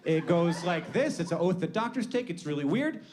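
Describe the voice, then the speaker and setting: High-voiced man with rambling jokes. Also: animated, moderate pace, darkish tone. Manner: rambling, wry, profane. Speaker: comedian. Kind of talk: comedic monologue. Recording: noisy recording.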